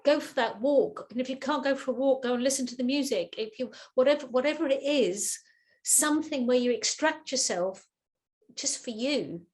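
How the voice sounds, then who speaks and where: A woman with a fairly high voice answers questions as a guest expert over a video call. She talks in a lively, animated way, often repeating her words and acting out the voices of people in her examples. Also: moderate pace. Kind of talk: webinar Q&A advice.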